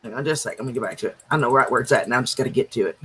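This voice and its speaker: A man's voice: mid-range voice, racing, pushed and bright, husky. A man hosting a casual livestream chat, talking proudly and chattily about his cooking. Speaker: livestream host.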